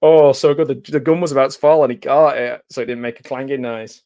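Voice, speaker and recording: A man giving live watch-along reaction commentary on a TV episode, chatty and jokey, with excited outbursts and laughs. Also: medium pitch, fast talker, lo-fi sound. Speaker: commentary host.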